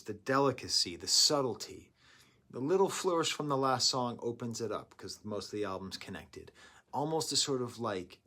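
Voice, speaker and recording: A man's voice: fairly low pitch, moderate pace, bright, forceful tone. A man giving a rambling, jokey music review monologue to the camera, humming and imitating sounds as he goes. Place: indoors, talking to camera.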